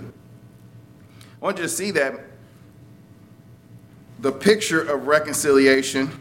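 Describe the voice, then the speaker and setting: A man's voice: a little high, a bit bright, a little hiss or hum. A man preaching a sermon in a conversational way, chuckling and lifting his voice for emphasis.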